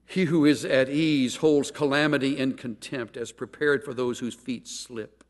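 A middle-aged man preaching a sermon as pastor, an animated storyteller who acts out quoted lines with big jumps in pitch. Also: unhurried. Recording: long hall reverb.

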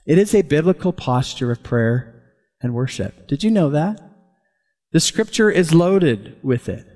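A man preaching a sermon as pastor, lively and chuckling often as he talks. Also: on the high side. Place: church. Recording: long hall reverb.

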